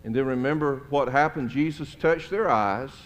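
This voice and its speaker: At a normal speed and in a mid-range voice, a middle-aged man preaches a folksy storytelling sermon, chatting with the congregation and dropping in chuckling asides. The setting is a church sanctuary, with the long reverb of the hall audible in the recording.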